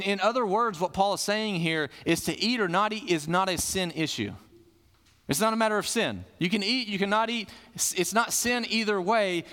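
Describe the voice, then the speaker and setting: A man's voice: high voice, fairly bright tone. A male pastor preaching a conversational sermon, asking questions and answering them himself. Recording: long hall reverb.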